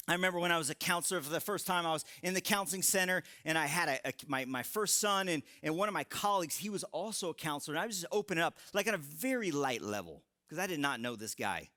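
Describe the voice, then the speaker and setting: A man in his thirties giving a live sermon to a young adult crowd in a large room, telling stories with animated humor. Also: a little high, fast talker, hardly any pauses. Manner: animated, joking storytelling. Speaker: young adult ministry speaker.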